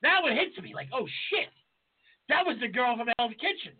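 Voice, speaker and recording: A man telling stories in a casual podcast chat, profane and animated. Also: very high voice, normal speed, breathy edge. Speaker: podcast co-host. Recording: phone-like lo-fi audio.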